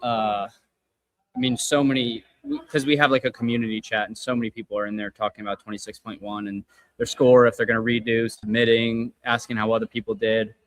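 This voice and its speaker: An easygoing man with a voice of middle pitch chats as a guest on a casual live podcast. He talks about training and teases the others now and then. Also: flat delivery, fairly quick, no echo. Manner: easygoing, chatty, teasing.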